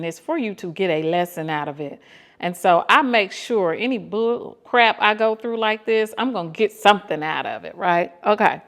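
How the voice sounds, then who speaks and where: A woman in her fifties with a Southern US accent, telling dating stories to her viewers in an animated, exasperated way, acting out bits of the dialogue. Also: lowish voice. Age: 50s. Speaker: vlogger. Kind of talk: casual storytelling to viewers.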